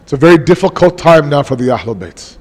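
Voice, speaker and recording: Guy giving a fervent mourning sermon, kinda high voice, big echoey mosque hall. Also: sing-song, slightly rough. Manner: impassioned, slows down for emphasis. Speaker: majlis speaker. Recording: long mosque hall reverb.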